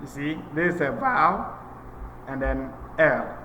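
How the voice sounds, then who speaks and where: A man gives a grammar lesson at a deliberate, unhurried pace, going over each rule again and again. His voice is bright and a little high. The room is echoey with a long reverb tail, and faint noise sits behind him. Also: animated. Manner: slow, methodical, repeats points for emphasis. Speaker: English teacher. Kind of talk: recorded grammar lecture.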